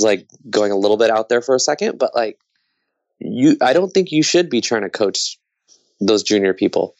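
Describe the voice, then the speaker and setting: A man's voice: fairly low pitch, creaky, darkish tone, no room sound. A man co-hosting a podcast, giving frank, laid-back advice in casual speech peppered with "dude" and swearing. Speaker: podcast co-host. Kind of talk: casual conversation.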